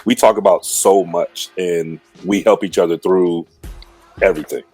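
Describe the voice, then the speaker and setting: A man's voice: deep voice, fairly even intonation, normal speed, a little mellow, breathy edge, faint music behind. A man who coaches basketball, talking in a laid-back, joking way in an interview. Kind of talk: casual video interview.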